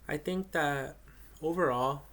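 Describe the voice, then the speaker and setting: A man's voice: on the high side, slow, fairly bright tone. A young man giving a casual spoken reflection, rambling with many fillers and restarts. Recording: faint background noise.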